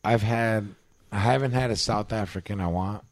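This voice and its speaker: A man's voice: fairly low pitch, moderate pace, dry recording, clean studio sound. A young man chatting casually with friends, crude and joking, full of slang. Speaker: friend in group chat. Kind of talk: casual chat.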